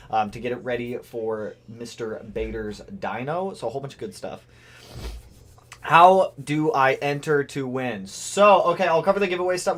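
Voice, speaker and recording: A man hosting a car livestream, chatting casually and excitedly calling out viewers' names. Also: mid-range voice. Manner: excitable, shouts out chat names. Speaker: car channel host.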